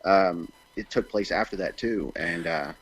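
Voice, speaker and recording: Male actor guest, husky voice, low pitch, rambling and gushing. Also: measured pace, rough recording. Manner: rambling, gushing, many fillers. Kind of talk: casual interview chat.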